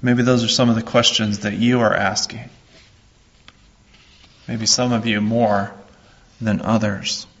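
Slow, earnest husky-voiced preacher man. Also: medium pitch, fairly bright tone, muffled recording. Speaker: pastor. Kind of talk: sermon.

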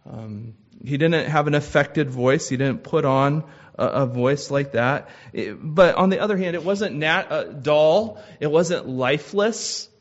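A man preaching a sermon in a measured, earnest way, with frequent "uh" restarts. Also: on the high side, animated. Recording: slightly dull lo-fi sound.

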